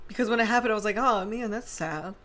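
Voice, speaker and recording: A woman co-hosting a podcast, chatting casually and telling an animated personal anecdote in which she acts out what people said. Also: a little high, a little fast, a crowd in the background. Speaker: podcast co-host. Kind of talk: casual storytelling chat. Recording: audio-only podcast.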